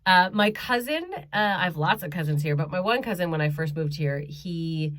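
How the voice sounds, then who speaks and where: A woman's voice: lowish voice, expressive, moderate pace, a bit bright. A woman doing a stand-up comedy set from her bedroom at home, chatty and self-mocking, with frequent ums and laughs. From Canada.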